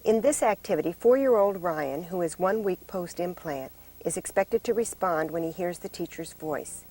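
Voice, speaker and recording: A woman giving scripted narration for a training video in a measured, explanatory way. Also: on the low side, warm tone, poor audio.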